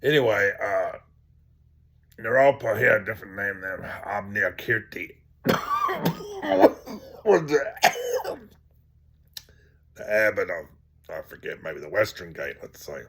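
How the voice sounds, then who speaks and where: A man tells a teaching story slowly and in a low voice, rambling with many fillers. His voice is gravelly and husky, and it sometimes sinks to a near-whisper. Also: lively intonation, a bit bright. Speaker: teacher of tantric practice.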